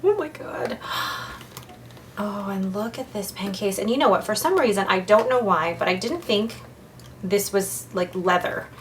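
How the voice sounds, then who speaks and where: Young woman gushing over an unboxing, chatty, excited, bit of faint hiss behind. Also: medium pitch, normal speed. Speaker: pen unboxing vlogger. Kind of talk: casual unboxing chat.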